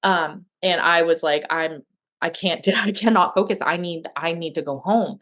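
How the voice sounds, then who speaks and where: Sharing her adoption story in a conversational interview, a woman guest speaks at a moderate pace in a fairly low, slightly bright voice. She comes across candid and emotional, with frequent fillers and restarts.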